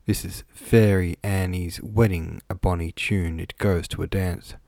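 A man reading an audiobook, voicing a brisk, motherly older housekeeper woman who bustles about. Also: low-pitched, fairly even intonation, gravelly, a little mellow, no room sound, clean studio sound.

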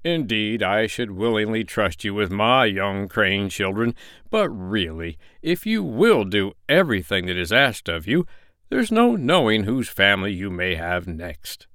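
A man voicing a polite, kindly crane in a storybook, talking slowly and evenly. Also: on the low side, big pitch swings, fairly bright tone, smooth, no room sound, studio quality, heavily acted.

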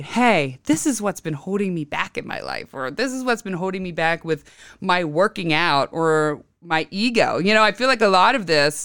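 Smooth-voiced woman hosting a chatty podcast. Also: low-pitched, a bit bright, dry recording, clean studio sound. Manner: chatty, rambling, laughs often. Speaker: astrology podcast host. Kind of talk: casual solo podcast talk.

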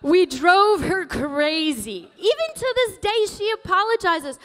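A woman pastor preaching a sermon in a church, emotional and animated, laughing often as she tells stories. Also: very high voice, unhurried, few pauses, big-room sound. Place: church sanctuary.

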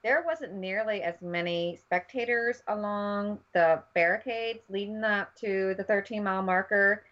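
A podcast co-host with a medium-pitched, slightly bright voice chats casually, rambling with plenty of fillers. She speaks at a measured pace with hardly any pauses, and the lo-fi recording sounds dull.

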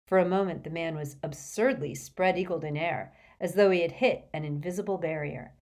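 A woman narrating an audiobook with a dramatic, expressive reading. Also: lowish voice. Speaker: audiobook reader.

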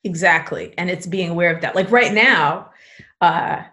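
Low-ish voiced woman chatting on a video call, lots of "you know", laughs a lot. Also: normal speed, bright, forceful tone. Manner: chatty, filler-heavy, laughs often. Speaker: belly dance teacher, podcast guest. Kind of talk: casual conversation.

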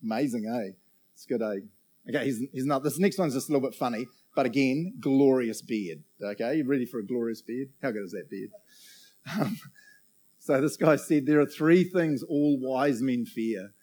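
A man preaches a casual sermon, joking around and checking in with the crowd after almost every point. His voice is mid-range and darkish, at a moderate pace.

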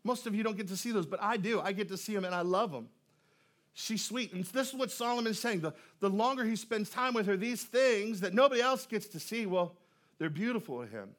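A pastor's sermon echoes through a church auditorium, delivered with lively intonation at a fairly quick clip. His voice is noticeably high for a man and a bit bright, and his loose, joking manner includes frequent restarts with repeated words.

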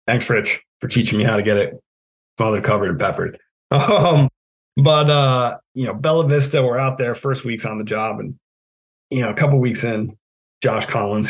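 A man's voice: on the low side, gravelly, low-quality recording. Laid-back man from New England. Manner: laid-back, self-mocking, laughs often. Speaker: guest, trail project manager. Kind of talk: casual storytelling.

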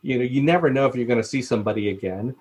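A man's voice: medium pitch, rapid-fire, darkish tone. A man telling a story in casual talk, laughing often and acting out the people he quotes. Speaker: podcast guest, former cruise ship purser.

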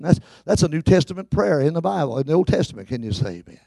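A middle-aged male pastor preaching a sermon, talking then swelling into shouted, chanted climaxes. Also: on the high side, animated, fast, gravelly, few pauses, no room sound.

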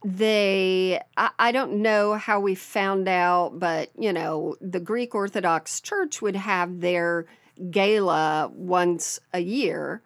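Her voice on the low side and her pace slow, a podcast co-host from the American South reads a listener's story in a chatty way, laughing frequently. The sound is studio quality without echo.

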